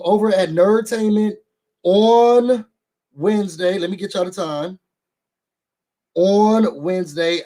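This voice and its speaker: A man from New York reviewing a reality show for his viewers in casual chat, an animated, slangy storyteller. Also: sits high. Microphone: studio microphone.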